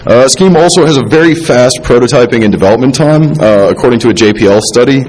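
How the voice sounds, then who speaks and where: A man giving a technical conference talk, halting with many fillers and restarts, dropping dry self-deprecating asides, a little tipsy from drinking. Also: medium pitch, expressive, darkish tone, rough recording. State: tipsy, drinking while talking. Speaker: conference speaker. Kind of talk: technical presentation.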